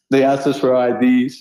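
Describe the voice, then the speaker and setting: A man in his thirties from Colombia, a street artist telling funny anecdotes in a relaxed, animated way and laughing often. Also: mid-range voice, moderate pace. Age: 30s. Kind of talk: casual storytelling. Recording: roomy echo.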